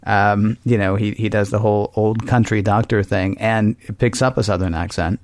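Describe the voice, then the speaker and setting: A man's voice: fairly low pitch, fairly even intonation, normal speed, darkish tone, no echo, studio quality. Rambling, joking man co-hosting. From Tennessee. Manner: rambling, joking, often laughing, hesitant restarts. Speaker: podcast co-host. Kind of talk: casual discussion.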